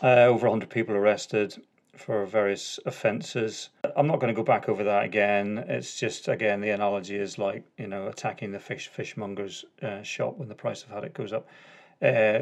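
A middle-aged man hosts a casual solo podcast, chatty and self-correcting, with lots of ums, uhs and restarts. His voice is on the low side with vocal fry.

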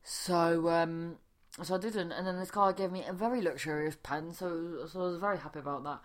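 A woman's voice: on the low side, steady tone, normal speed. A young woman, a stand-up comedian, telling a rambling casual story with swearing and many restarts.

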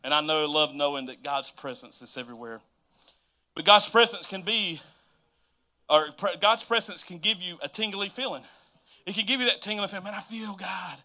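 A pastor with a bright, somewhat high voice, preaching in a church. He talks casually and with feeling, swinging between loud exclamations and hushed, confiding asides. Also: expressive, normal speed. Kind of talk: sermon. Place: church sanctuary.

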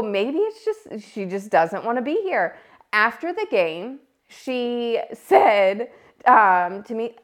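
Woman, 30s. Casual podcast host, animated storyteller, a bit high-pitched. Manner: animated storytelling, acts out quotes loudly. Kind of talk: casual solo podcast talk.

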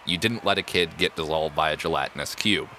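A man's voice: rumbling low, fairly quick, pushed and bright, slight background noise. A man narrating as game master of a tabletop game, playful and often chuckling.

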